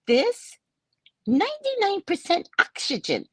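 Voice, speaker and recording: Brief: soft, clipped male doctor, distracted, pitched high, as a woman puts him on. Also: huge pitch swings, measured pace, no room sound, clean studio sound, heavily acted. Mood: matter-of-fact.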